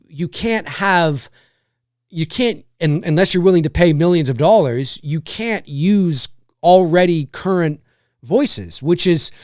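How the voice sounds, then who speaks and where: Rambling, high-voiced male livestream host. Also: no echo, clean studio sound. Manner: rambling, thinking aloud with many restarts; candid, casual swearing. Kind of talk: casual chat.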